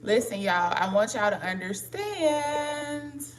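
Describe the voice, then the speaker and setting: A middle-aged woman with a raspy, scratchy voice, chatting casually on a live stream and greeting viewers by name. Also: on the high side, lively intonation, slow. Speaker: livestream host.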